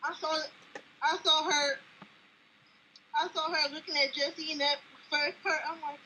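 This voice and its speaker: A woman's voice: sits high, steady tone, unhurried, long pauses, pushed and bright. A young woman speaking as a fan, rambling and emotional, on the edge of tears as she talks. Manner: gushing, tearful, rambling. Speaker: fan giving a video message. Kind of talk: emotional personal testimony. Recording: dull lo-fi recording with faint hiss.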